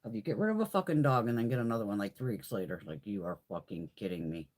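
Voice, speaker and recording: A woman's voice: very deep voice, big pitch swings, fast, darkish tone. A woman hosting a beauty live stream from home, chatting casually with blunt, profane storytelling.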